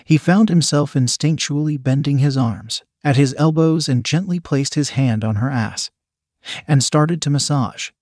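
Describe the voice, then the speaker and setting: A man narrating a scripted story in a measured, steady reading manner. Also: medium pitch, dry recording, clean studio sound.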